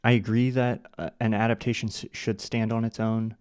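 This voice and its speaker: A man's voice: lowish voice, little pitch movement, normal speed, a little mellow, clean tone, no room sound, studio quality. A man hosting a casual live stream, chatting with viewers and muttering to himself as he works. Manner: chats with viewers and mutters to himself while working; many fillers and restarts. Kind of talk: casual live stream chat while editing.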